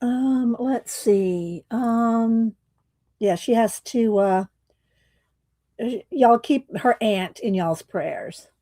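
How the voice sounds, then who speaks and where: Woman livestream host, slow chatty delivery, slightly croaky, dry close mic. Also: a little high, mellow, dry recording. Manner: slow, chatty, laughs often, Southern "y'all". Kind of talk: casual livestream chat greeting viewers.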